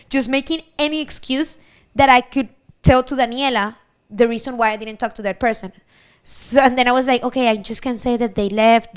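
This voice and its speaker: Woman panelist, high smooth voice, animated live storytelling. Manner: animated, acts out quotes. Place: event hall.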